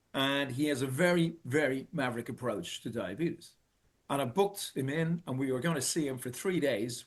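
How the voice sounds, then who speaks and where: A middle-aged Irish man telling a personal story in an earnest, halting way, restarting and repeating phrases for emphasis. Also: medium pitch. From Ireland. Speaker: speaker telling his own story.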